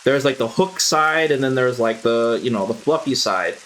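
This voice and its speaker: A man plays a game on stream, rambling to viewers and swearing without restraint. His mid-range voice has lively intonation and a moderate pace with a bit of brightness, and there's a little hiss or hum.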